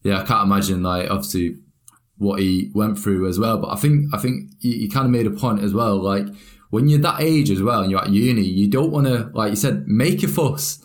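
A low-pitched man leads a casual interview. He talks loosely and leans on fillers as he works his way through his questions. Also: brisk. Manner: relaxed, filler-heavy speech with lots of "like".

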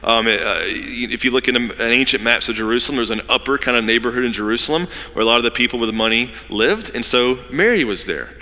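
A man preaching a sermon as pastor, telling the story with lively asides and acting out the people in it. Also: medium pitch, in a large hall. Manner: animated storytelling, acting out characters in quick asides.

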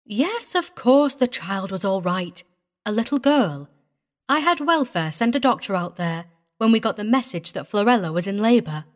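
Dry drawling countrywoman played by a woman, bossy but cheerful, high and loud. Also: lively intonation, normal speed, lightly acted. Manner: dry drawl, snapping at the driver.

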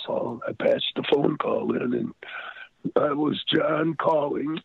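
A man's voice: fairly high pitch, lively intonation, normal speed, vocal fry, husky, no echo. An older man telling a rambling story as an interview guest, with many fillers and restarts. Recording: phone-like lo-fi line.

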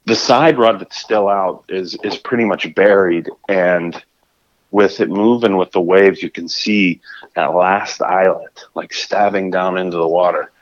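A man with a lower-pitched voice spins a story in casual conversation, animated and prone to tripping over his own restarts. The recording sounds dull and lo-fi, with the top end rolled off. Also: a little slow. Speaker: guest telling a fishing story.

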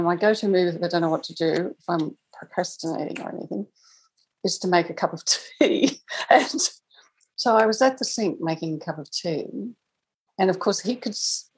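On a podcast, a female guest who works as an angel communicator tells a personal story in a reflective, conversational way, laughing now and then. Her voice is fairly low with a breathy edge, and the recording is rough.

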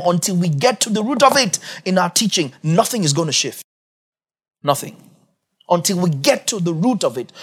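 A man preaching a sermon as pastor, emphatic and repetitive, building to raised, shouted peaks. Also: high voice, husky. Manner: emphatic, repeats key phrases, rising to shouts.

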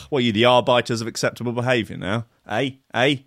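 A man's voice: mid-range voice, fast, gravelly, fairly bright tone, no room sound, clean studio sound. A man hosting a show, reading odd news with sardonic, mock-outraged asides and lots of filler. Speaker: host. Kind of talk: comic news-reading riff.

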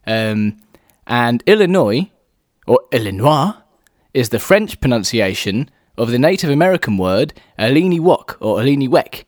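Male podcast co-host, animated pitch, dry close sound, chatty and giggly. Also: moderate pace, no echo. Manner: chatty, laughs often, lively. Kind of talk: casual chat.

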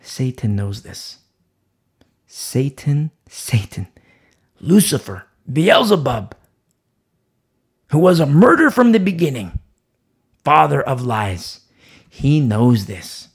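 Gravelly, husky preacher man, lively pitch. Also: slow, pauses often. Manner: emphatic, repetitive rhetorical questions, swings from loud to hushed. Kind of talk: sermon.

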